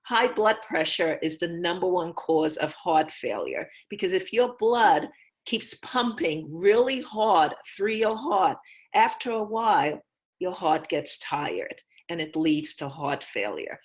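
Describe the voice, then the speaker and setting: A woman physician on a video call, explaining health advice in a clear, patient, teacherly way. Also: on the low side, very animated, takes it slowly, muffled recording. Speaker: physician guest.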